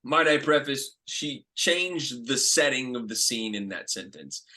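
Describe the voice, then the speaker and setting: A young man with a bright, forward voice tells audition stories over a video call. He slips into the voices of the people he quotes, keeping the talk lively and casual. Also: medium pitch, measured pace. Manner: animated, acts out quoted lines. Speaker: actor and host. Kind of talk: casual storytelling chat.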